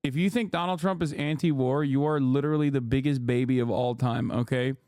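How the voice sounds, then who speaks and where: A man's voice: mid-range voice, steady tone, a little fast, darkish tone, no room sound, clean studio sound. A man in his thirties streaming, ranting angrily and sarcastically at his chat about politics, with constant swearing. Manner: profane, heated, sarcastic. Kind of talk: angry political rant.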